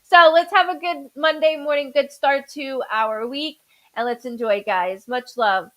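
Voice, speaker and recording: Hosting a live psychic-reading stream from home, a female psychic medium chats away, repeats viewers' names, and occasionally stumbles over her words. Her voice sits high, steady, and a bit bright, a little slow, on a rough recording.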